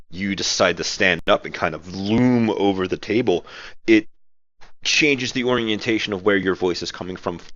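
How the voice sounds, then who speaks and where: Man, very low voice, dull lo-fi sound, casual rambling advice talk. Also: fairly bright tone, no room sound. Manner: rambling, self-correcting, laughs at himself. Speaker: game master giving advice. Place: at home, girlfriend nearby watching TV. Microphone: audio-only recording, no camera.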